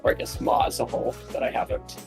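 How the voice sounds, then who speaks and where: Relaxed male guest on voice chat. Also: fast, music in the background. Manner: relaxed, hesitant with fillers. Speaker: guest tool developer. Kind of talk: casual voice-chat talk.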